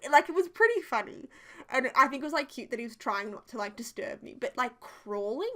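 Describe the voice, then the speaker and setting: A woman's voice: on the high side, a bit bright. Chatty young woman, rambling. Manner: rambling, full of "like" fillers. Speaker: game builder doing a voiceover. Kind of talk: casual chatty voiceover. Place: home, near the bedroom.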